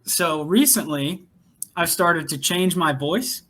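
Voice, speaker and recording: High-voiced young man chatting casually. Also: lively intonation, slow pace, sharp tone. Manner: chatty, laughs while telling a work story. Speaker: podcast co-host. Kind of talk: casual chat.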